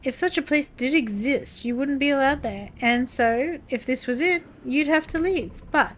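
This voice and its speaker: A woman's voice: sits high, moderate pace, slight background noise, pitched above the performer's own voice, lightly acted. A woman voicing an evasive late-middle-aged librarian in a game, speaking in a sugary way and calling people dearie, with game music behind. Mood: coy.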